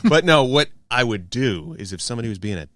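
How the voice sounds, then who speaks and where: A man's voice: medium pitch, sing-song, fast talker, fairly bright tone, dry recording. A man from western Pennsylvania, a podcast guest telling easygoing stories in a casual chat. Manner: storytelling, easygoing.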